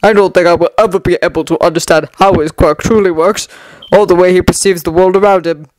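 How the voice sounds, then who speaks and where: A woman voicing a pensive, gentle adult male hero who speaks in a measured way. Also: lowish voice, fairly even intonation, lightly acted, low-quality recording.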